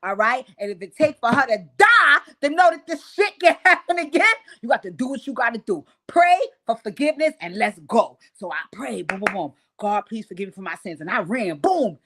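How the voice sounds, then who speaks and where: Animated, profane woman telling stories. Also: a little high, a little fast, hardly any pauses. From New York. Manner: animated, profane, laughs through her stories. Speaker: host. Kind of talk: casual storytelling to a live audience.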